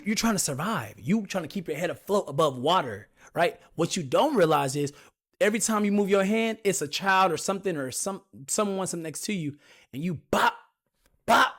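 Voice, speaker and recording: A young man, hosting a podcast and telling a personal story in a candid, confiding way, talking straight to his listeners. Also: high-pitched. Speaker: podcast host.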